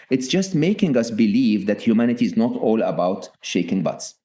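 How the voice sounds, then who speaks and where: A man's voice: fairly low pitch, big pitch swings, normal speed, few pauses, warm tone. A middle-aged man, a guest author on a podcast, talking earnestly and often checking in with "okay?". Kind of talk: podcast interview.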